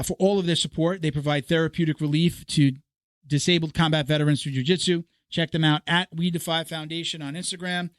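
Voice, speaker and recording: A man hosting a casual podcast, rambling through sponsor shout-outs and laughing often. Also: a little high, no echo. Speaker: podcast host. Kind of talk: casual podcast chat reading sponsor reads. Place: studio.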